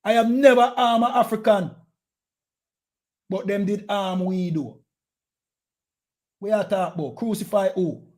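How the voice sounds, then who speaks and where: A man's voice: high voice, measured pace, pauses often, darkish tone. A man with a Jamaican accent preaching in a heated, confrontational way, repeating his phrases for emphasis. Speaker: street preacher.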